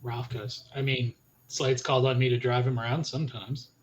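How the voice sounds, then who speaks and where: A man's voice: medium pitch, little pitch movement, moderate pace, lo-fi sound, a little hiss or hum. A man running a tabletop role-playing game as storyteller, recounting what a character says in a string of "he goes" quotes. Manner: retells NPC speech with frequent "he goes".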